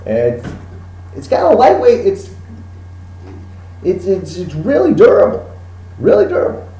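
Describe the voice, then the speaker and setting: Hyper squeaky weapons dealer, way up high, patter all over the place, roomy echo. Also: male voice, huge pitch swings, warm tone, far from the mic, exaggerated voice. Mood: hushed selling. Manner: high-pitched, fast, repetitive sales patter. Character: pushy hyper male back-alley arms dealer.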